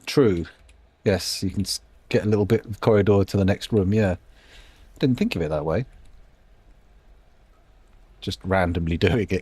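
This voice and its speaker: A man's voice: sits low, normal speed, long pauses, darkish tone, slightly rough, no echo. A man giving casual live-stream commentary while playing a game, rambling, musing aloud and making self-deprecating asides.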